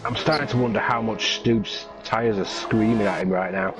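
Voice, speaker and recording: A man's voice: lowish voice, fairly even intonation, moderate pace, a bit bright, faint music behind. A man adding short, dry remarks as co-commentator on a sim racing league. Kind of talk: casual race co-commentary.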